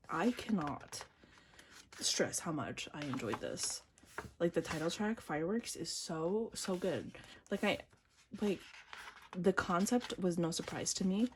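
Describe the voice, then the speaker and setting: A woman's voice: fairly low pitch, a little mellow, slight background noise. A young woman, casually gushing and gasping as she unboxes an album, often dropping to a whisper. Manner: gushing fan, gasps and squeals, slides into whispers.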